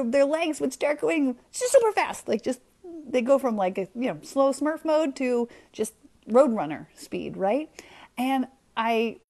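Chatty woman podcast host. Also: fairly high pitch. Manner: chatty, animated storytelling with many fillers. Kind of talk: casual motivational talk.

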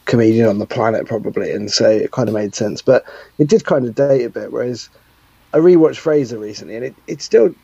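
A man chatting on a podcast in a mellow, slightly husky voice, relaxed and reflective. The audio is dull and lo-fi, with a dry, close sound. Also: mid-range voice, brisk, no echo. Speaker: podcast co-host. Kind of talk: casual chat.

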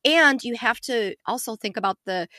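Bright, gossipy podcast co-host woman. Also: a little high, normal speed, dry recording, studio quality. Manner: gossipy, animated storytelling with frequent swearing. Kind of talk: casual chat.

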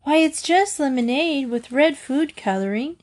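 A woman's voice: fairly high pitch, very animated, a little slow. A woman voicing a timid, fretful young girl in a storybook reading. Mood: worried.

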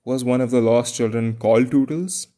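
A man voicing an excitable lost boy who gushes eagerly. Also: mid-range voice, normal speed, lightly acted. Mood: excited.

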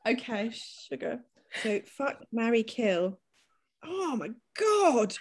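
A woman's voice: on the high side, very animated, slow pace, slight background noise. A woman in casual chat, giggly and exclamatory.

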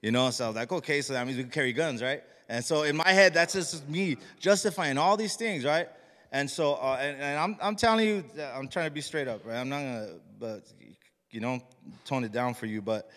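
A man's voice: mid-range voice, expressive, fairly quick, fairly bright tone. A man sharing a personal testimony with his church, casual and rambling, full of restarts and slang. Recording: long hall reverb.

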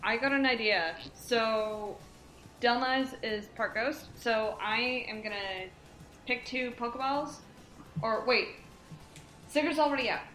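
A woman's voice: fairly high pitch, slow, a bit bright, echoey room, soft background music. A woman playing in a tabletop game, thinking aloud with hesitant fillers. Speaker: player.

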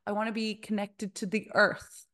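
Young woman, podcast co-host, animated storyteller, even middle-range voice. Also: mid-range voice, normal speed. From Ireland. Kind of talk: casual chat.

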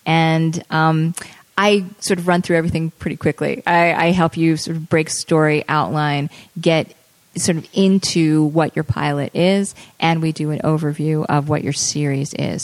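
A woman's voice: sits low, darkish tone, no echo. A woman hosting a podcast about screenwriting, chatting in an upbeat way with fillers and laughs. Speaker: podcast host and script consultant. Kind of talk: casual chat.

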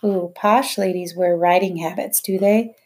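Woman putting on a harsh mum, sneering, low furious voice, storybook reading. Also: steady tone, measured pace, a little mellow, natural voice. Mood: scornful. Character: harsh scornful working-class London mother.

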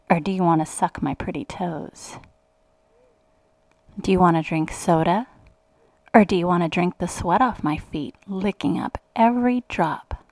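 A woman reading a scripted domination mantra, commanding and teasing, at times dropping into soft whispers. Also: mid-range voice, no room sound, poor audio. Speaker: adult audio creator.

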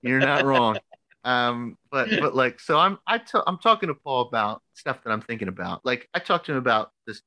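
An American man in his thirties, a podcast co-host, telling a story casually with lots of fillers and lively quoted voices. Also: mid-range voice, a little fast, few pauses, dry recording. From United States. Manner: animated, filler-heavy storytelling.

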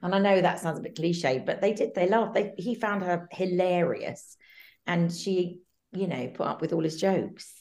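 A middle-aged woman from England, a guest who talks warmly and reflectively in an interview, hesitating with ums and restarts. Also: fairly low pitch, normal speed.

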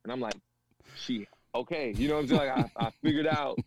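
Gravelly, slangy man telling stories. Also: mid-range voice, rapid-fire, low-quality recording. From Panamanian family in the US. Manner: animated, slangy, acts out quotes, repeats "you know what I'm saying". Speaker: guest. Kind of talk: casual conversation, storytelling.

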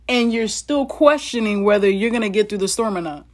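A woman's voice: medium pitch, a little fast. A woman reading Bible passages aloud and breaking off into chatty asides to her listeners, often laughing as she goes. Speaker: Bible teacher. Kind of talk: casual Bible reading with commentary.

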